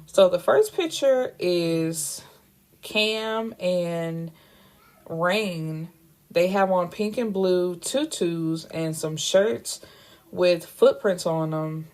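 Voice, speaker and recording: A woman's voice: on the low side, very slow, darkish tone. A woman recapping a novel in a casual, candid way, swearing freely and tossing in wry asides. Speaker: book reviewer recapping a novel. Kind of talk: casual spoken book recap.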